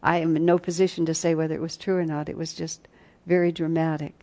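Woman, retreat teacher; low, warm voice; earnest, reflective storyteller. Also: little pitch movement, fast talker. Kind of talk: spiritual teaching talk with personal stories.

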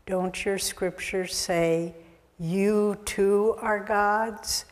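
A woman voicing a calm male teacher who speaks quietly and evenly to an angry crowd, recorded with long hall reverb. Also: mid-range voice. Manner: quiet and measured. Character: calm, gentle male teacher facing a mob.

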